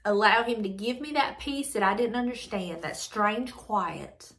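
A woman's voice: medium pitch, measured pace, fairly bright tone. Earnest woman reflecting on scripture. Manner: earnest, reflective, repeats phrases. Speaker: devotional channel host. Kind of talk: devotional reading and reflection.

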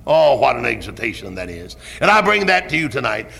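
A pastor preaching a sermon, dropping to hushed tones and rising to shouted peaks, in a 1970s church recording. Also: male voice, mid-range voice, very animated, brisk, vocal fry, few pauses, long reverb tail. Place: church sanctuary.

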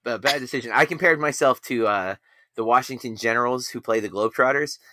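A man's voice: medium pitch, a little fast, sharp tone. A man hosting a podcast in casual chat, rambling and self-deprecating. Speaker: podcast host.

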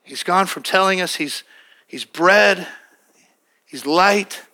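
Pastor, male, middle-aged: high bright voice, emphatic, repeats his points, acts out quick exchanges. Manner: emphatic and repetitive, acting out quick dialogues. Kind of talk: sermon.

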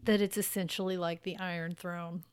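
A woman co-hosting a casual chat about a film, jumping in with quick, wry jokes. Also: on the low side, little pitch movement, clean tone. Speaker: podcast co-host.

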